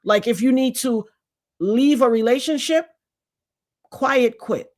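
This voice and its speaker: Blunt preachy woman, higher voice. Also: takes it slowly. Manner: blunt, preachy, emphatic, addresses viewers directly. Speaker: vlogger. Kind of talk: casual commentary monologue.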